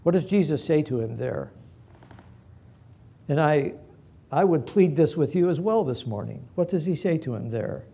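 A pastor preaching a live sermon in a mellow, husky voice with a gravelly edge, pitched a little high for a man. He pleads earnestly and moves between hushed passages and emphatic ones. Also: lively intonation, moderate pace, pauses often.

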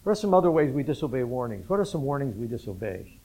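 A man's voice: medium pitch, sing-song, fast, dark tone, poor audio. A man preaching an interactive sermon, talking casually, asking the congregation questions and chuckling often. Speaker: pastor.

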